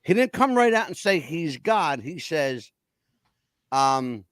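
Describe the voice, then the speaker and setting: A man hosting a podcast, talking in a blunt, profane, animated way. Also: on the high side, slow pace, no room sound. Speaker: podcast host. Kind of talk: casual chat.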